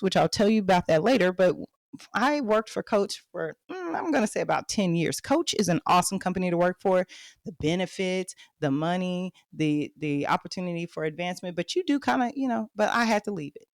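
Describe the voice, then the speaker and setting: A Texan woman in her thirties hosts a podcast, candidly recounting her life story straight to her listeners. Her fairly low, gravelly voice has lively intonation and a slightly fast pace. The sound is clean studio quality with no echo.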